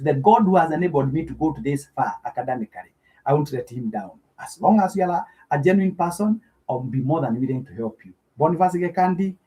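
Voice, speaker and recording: A man's voice: fairly high pitch, warm tone. A middle-aged Kenyan man hosting a live stream, effusively thanking viewers by name and giving preacher-like blessings.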